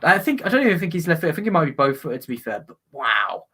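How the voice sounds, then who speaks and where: A man with a slightly high voice hosts a live football watch-along, chatting with viewers between plays. When the action heats up he breaks into excited, loud commentary. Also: quick pace, breathy edge.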